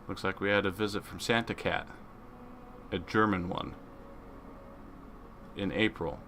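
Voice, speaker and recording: Lower-pitched man doing casual game commentary. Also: fairly even intonation, a little slow, vocal fry, bright, forceful tone, slight background noise. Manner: casual, rambling, reads game text aloud. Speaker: gaming video creator.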